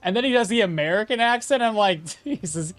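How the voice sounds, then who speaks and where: A man's voice: very high-pitched, quick pace, a bit bright, clear, resonant tone, no room sound. A man streaming a game, talking casually and rambling to his viewers, often correcting himself mid-sentence. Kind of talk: casual gameplay commentary.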